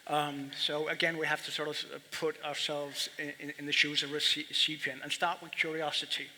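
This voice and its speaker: A man moderating a panel discussion, speaking in a halting, reflective way and often repeating words. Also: fairly high pitch, level tone, pushed and bright. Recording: reverberant hall, faint background noise.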